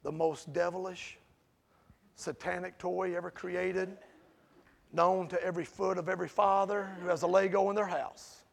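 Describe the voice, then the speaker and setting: A man preaching a sermon in a conversational way, asking the congregation questions and building to loud, emphatic peaks. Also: sits high, little pitch movement, moderate pace, creaky.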